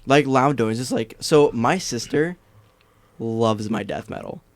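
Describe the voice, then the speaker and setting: A young man co-hosting a casual podcast, animated and laughing often, acting out quotes in high voices. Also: takes it slowly, no room sound. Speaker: podcast co-host. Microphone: podcast mic.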